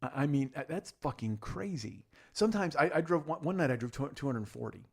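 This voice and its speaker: A man's voice: mid-range voice, lively intonation, a little fast, gravelly, breathy edge. A man in his forties hosting a comedy podcast, talking in a rambling, profane, self-deprecating monologue full of restarts. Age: 40s. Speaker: podcast host.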